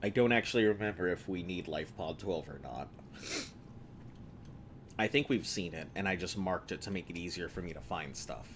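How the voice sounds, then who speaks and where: American man, fairly low voice, casual gameplay commentary, rambling, chatty, faint ambient noise. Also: moderate pace. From United States. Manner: rambling, chatty, laughs at own jokes. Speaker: streamer.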